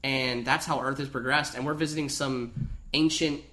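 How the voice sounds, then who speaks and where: Bright-voiced animated man riffing. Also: mid-range voice, moderate pace. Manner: animated, mocking, acts out scenes in quoted voices. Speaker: podcast co-host. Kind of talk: casual movie review chat.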